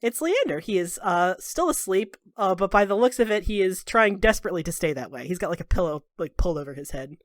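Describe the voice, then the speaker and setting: A woman's voice: fairly low pitch, animated, fast talker, hardly any pauses, dry recording, clean studio sound. A woman running a tabletop game as game master, narrating with a playful, giggly manner.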